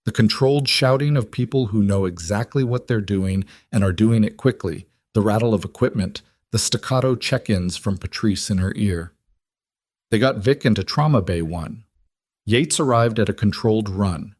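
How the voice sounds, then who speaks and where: A man narrating a scripted story in a measured, steady delivery. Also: lowish voice, no room sound.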